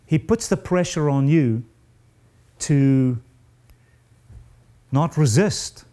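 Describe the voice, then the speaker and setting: A man delivering a sermon at an unhurried, deliberate pace. His voice is warm and mellow, and his pitch sits a little high for a man. He preaches earnestly and confessionally, climbing higher when he stresses difficult verses. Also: animated.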